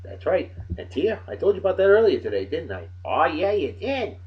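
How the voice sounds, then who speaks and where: Loud joking man in his forties, lively pitch. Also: fairly quick, muffled recording. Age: 40s. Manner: loud, joking, exclamatory banter. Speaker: beer review host. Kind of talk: casual beer review vlog.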